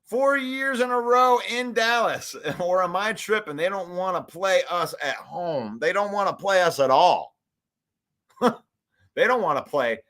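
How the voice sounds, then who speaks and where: Man, high voice, sports fan host, hyped live-stream chatter. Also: a little slow. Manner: animated, hyped, reads chat aloud, laughs often.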